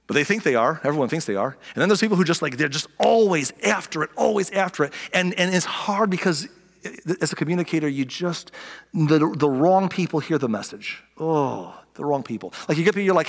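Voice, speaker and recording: A middle-aged man preaching a sermon as a pastor, animated, acting out voices and dropping to soft near-whispers for emphasis. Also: on the high side, fast talker, big-room sound.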